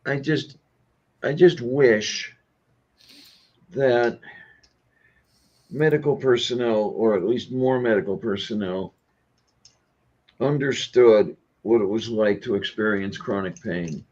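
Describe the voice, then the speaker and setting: A man's voice: on the low side, slow pace, long pauses, darkish tone, dull audio. A man in casual chat who talks in a musing way and mutters to himself. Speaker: podcast co-host.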